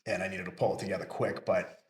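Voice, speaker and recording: A man co-hosting a podcast tells a personal story, candid and swearing freely. His voice sits on the low side. The room around him has a noticeable echo. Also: fairly even intonation, fast. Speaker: podcast co-host. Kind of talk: casual chat.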